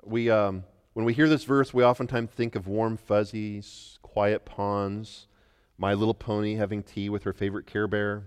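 A middle-aged man from the United States, a pastor preaching an emphatic sermon that moves between quiet and loud. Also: fairly low pitch, level tone, normal speed, clean tone. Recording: long reverb of a large hall.

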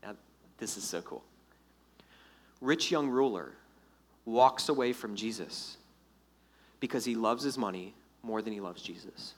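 A man preaching a sermon in a lively, conversational way, acting out the quotes. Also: on the low side, unhurried, long pauses, breathy edge. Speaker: pastor.

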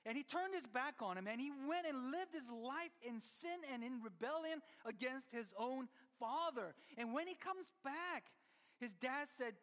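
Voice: high-pitched, animated, measured pace, a bit bright. A preacher retelling a story in a loose, chatty way, stumbling over restarts and checking in with the congregation. The voice carries a long reverb tail from a large church sanctuary. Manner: conversational, with many restarts and asides to the listeners. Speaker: pastor. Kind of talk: sermon storytelling.

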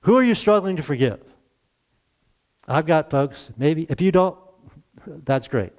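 Unhurried and animated, a sixty-something pastor preaches conversationally, chuckling frequently and asking rhetorical questions. His voice runs a little high and a little mellow.

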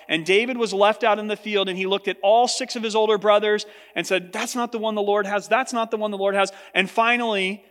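A man preaching a sermon as pastor to his congregation, earnest, his voice lifting when he voices what others said. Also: fairly bright tone. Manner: earnest preaching, rising in pitch for quoted speech. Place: large church hall. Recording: long hall reverb.

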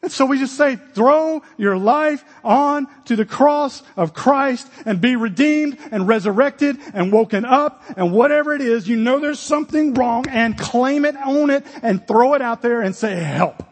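Pastor guy preaching, really high husky voice, big echoey church hall. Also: moderate pace, hardly any pauses. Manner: earnest, direct preaching with sudden loud exclamations. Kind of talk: sermon.

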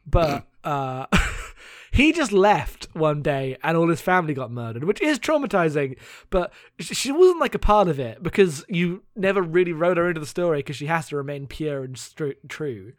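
Sarcastic laughing man, higher voice. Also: lively intonation, moderate pace, dry recording, clean studio sound. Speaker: podcast co-host. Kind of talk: casual comedic chat.

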